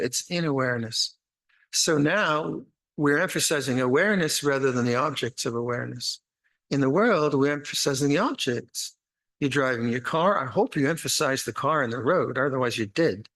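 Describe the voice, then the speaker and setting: Older guy giving a meditation talk, slow and halting, lots of restarts, gentle and a bit wry. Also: medium pitch, poor audio. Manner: slow, halting, many repeated words and restarts; gentle, wry, laughs at his own jokes. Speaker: meditation teacher. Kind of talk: dharma talk at a retreat.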